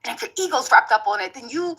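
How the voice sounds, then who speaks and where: High-pitched woman commentator, sarcastic and emphatic. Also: lively intonation, fast talker, fairly bright tone, husky. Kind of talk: casual commentary.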